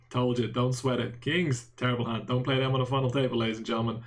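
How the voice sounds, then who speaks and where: A man's voice: medium pitch, steady tone, quick pace, hardly any pauses, slight background noise. A man with an Irish accent giving casual live-stream poker commentary, bantering and answering chat with self-mocking jokes and the odd swear word. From Ireland.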